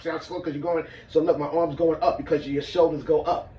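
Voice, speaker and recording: A man's voice: on the high side, level tone, fairly quick, warm tone, slight background noise. Echoey man demonstrating martial arts breathing. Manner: casual, demonstrates as he talks, checks in with "all right?". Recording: echoey room, mic far off, muffled.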